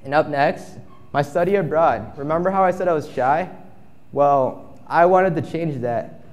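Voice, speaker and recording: A young man in his twenties gives a casual storytelling talk on a conference stage, acting out the quotes in his story. His fairly high voice moves at a measured pace, and the recording has a big-room sound.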